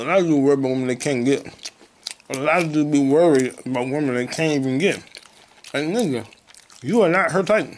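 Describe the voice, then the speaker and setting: A man hosting a solo podcast, a comedian ranting casually and profanely, with sudden loud outbursts. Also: on the high side, a little hiss or hum. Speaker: podcast host and stand-up comedian.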